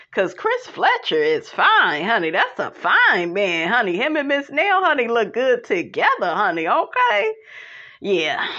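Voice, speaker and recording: A woman with a bright, forceful voice that swoops up and down as she tears through a reality show recap. She is sassy and blunt and swears freely, and the sound is a little dull and lo-fi. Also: fairly high pitch. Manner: sassy, blunt, profane, keeps calling the viewer "honey" and "child". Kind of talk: animated casual commentary.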